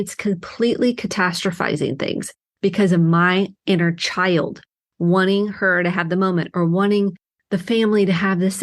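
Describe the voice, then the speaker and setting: A middle-aged woman therapist hosting her own podcast, talking alone in an earnest, heartfelt way with emphatic bursts. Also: medium pitch. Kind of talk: reflective solo podcast monologue.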